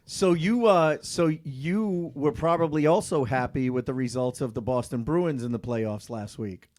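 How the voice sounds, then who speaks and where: A man's voice: mid-range voice, moderate pace, darkish tone. A man from New England co-hosting a podcast, joking and laughing often in casual chat. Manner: jokey, laughs often, does bits. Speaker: podcast co-host.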